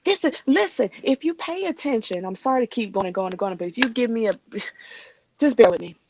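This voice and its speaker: A woman's voice: a little high, expressive, fairly quick, background noise. A woman in a heated discussion, ranting passionately and speaking like a preacher about prophecy. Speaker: guest. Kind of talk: heated political and religious discussion. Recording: dull lo-fi audio.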